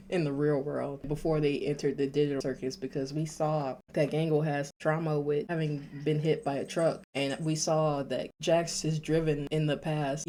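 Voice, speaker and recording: A woman's voice: low voice, dark tone, slight background noise. A woman hosting a reaction video, chatting casually and rambling, with frequent nervous laughs and false starts. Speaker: YouTube reaction host.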